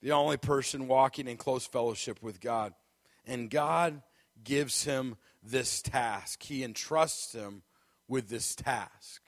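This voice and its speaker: A man's voice: medium pitch, slow, dry recording, studio quality. A man preaching as a guest speaker, telling a comic personal story with lots of laughter before turning to a sermon. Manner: animated storyteller, laughs often, acts out moments.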